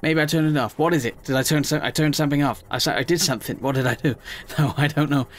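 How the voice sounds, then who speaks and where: A man giving chatty, emotional let's play commentary, often squealing up high in excitement. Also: quick pace.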